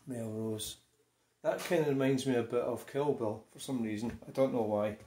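A man's voice: mid-range voice, moderate pace, mellow, a little hiss or hum. An older man with a Scottish accent giving a casual, rambling channel update, muttering and swearing bluntly.

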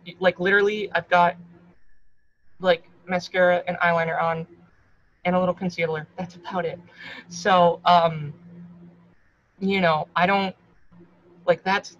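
A woman in her thirties talking frankly to camera in a casual advice vlog. She is warmly encouraging, swears freely and calls the viewer hun. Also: medium pitch, a little hiss or hum. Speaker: vlogger. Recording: slightly dull lo-fi recording.

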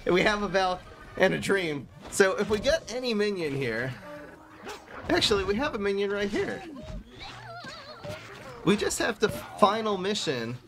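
A man streaming a card game live, commenting excitedly with frequent laughs and joking at his own mistakes while talking to his chat. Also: high-pitched, unhurried, pauses often, music in the background. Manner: excitable, laughing, self-mocking, talks to chat.

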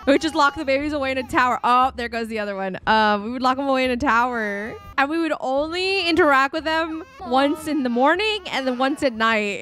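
Young female game streamer, slightly high voice, loose rambling chat with viewers, light music bed. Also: fairly bright tone. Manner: chatty, rambling, reacting aloud to the game. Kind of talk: casual live-stream commentary.

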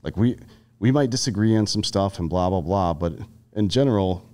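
This army veteran in his thirties, a Carolinas native guesting on a podcast, has a warm, low-pitched voice and a moderate pace. His casual talk is blunt and full of profanity, and his stories come with frequent restarts.

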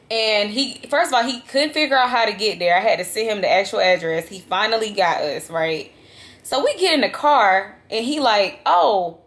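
A young woman vlogger telling a travel story to her viewers in a lively, dramatic, casual way. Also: medium pitch. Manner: animated, dramatic retelling, addresses viewers as y'all. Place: vacation lodging, indoors.

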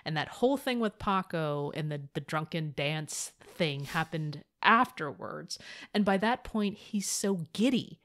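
A woman's voice: low voice, lively intonation, unhurried, fairly bright tone. A woman co-hosting a casual podcast chat, teasing and playful, who acts out the characters' lines when she retells scenes. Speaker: podcast co-host.

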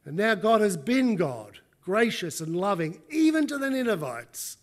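A man with an Australian accent preaching a sermon in an animated, conversational way. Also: sits high, unhurried, few pauses. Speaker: pastor.

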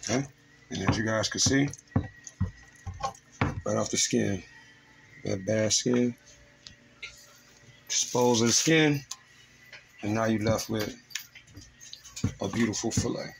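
A man's voice: lowish voice, takes it slowly, gravelly, pauses often, noisy background. A man hosting his show, walking viewers step by step through filleting fish in his kitchen. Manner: steady step-by-step instruction to viewers. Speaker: fishing show host. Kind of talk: cooking demonstration. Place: home kitchen.

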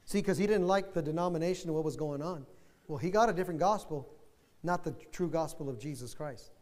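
Guy pastor preaching hard, high voice, long echo of a church hall. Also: a little fast. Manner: fervent, swings from low asides to high excited bursts. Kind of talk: sermon. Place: church sanctuary.

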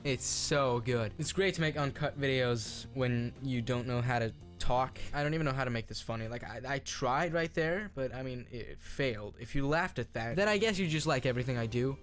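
A man's voice: medium pitch, normal speed, few pauses. Young man, gaming YouTuber, rambling, self-deprecating, swears a lot, mid-range voice, faint music behind. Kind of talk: casual reaction commentary.

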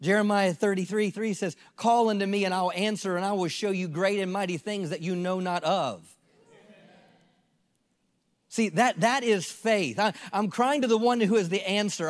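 A man's voice: sits high, in a large hall. A pastor in his fifties preaching a sermon, earnest and repeating phrases for emphasis.

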